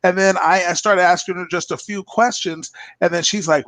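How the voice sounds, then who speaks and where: A man's voice: high voice, normal speed, no room sound. A man who runs a company, chatting on a talk show and acting out the voices of people in his story. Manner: animated, acts out quoted voices. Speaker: company president.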